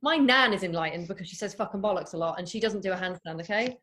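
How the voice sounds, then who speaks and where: A woman's voice: medium pitch, fast, a bit bright, slight background noise. A woman hosting a casual interview, cheeky and swearing freely. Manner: cheeky, swearing, laughing along. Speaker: host.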